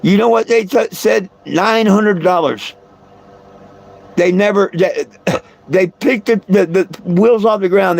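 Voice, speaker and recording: High-pitched and marked by vocal fry, a live-stream host spins a lengthy, casual story for his viewers. He rambles, says words over again, and chuckles between lines.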